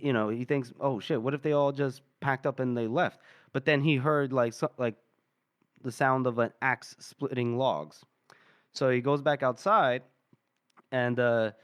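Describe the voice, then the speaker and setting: A man's voice: medium pitch, fairly bright tone, clear, resonant tone, no echo, clean studio sound. Laughing casual podcast man. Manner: loose storytelling with frequent laughs and fillers. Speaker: podcast host. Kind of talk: casual chapter recap.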